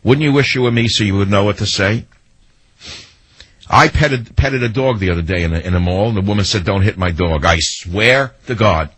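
A man's voice: lowish voice, normal speed, fairly bright tone, breathy edge, dry recording, low-quality recording. A man hosting a talk radio show, telling sarcastic stories and mimicking the people in them. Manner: sarcastic, storytelling with mimicked quotes. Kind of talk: monologue to listeners.

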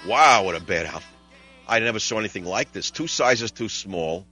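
A man's voice: lowish voice, animated, normal speed, sharp tone, husky, faint music behind. An older man hosting a talk radio show, rambling wryly through stories and chatting with callers. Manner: digressive, wry, mimics voices and jokes with callers. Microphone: studio microphone.

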